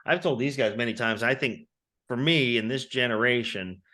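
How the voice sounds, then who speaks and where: A man co-hosting a casual movie podcast, easygoing and quick to laugh. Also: mid-range voice, bright, forceful tone. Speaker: podcast co-host. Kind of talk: casual chat.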